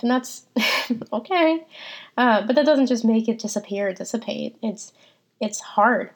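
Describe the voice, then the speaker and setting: A woman's voice: a little high, normal speed. A woman hosting a faith podcast, talking reflectively and personally about scripture and her own struggles, with frequent ums and restarts. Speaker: podcast host.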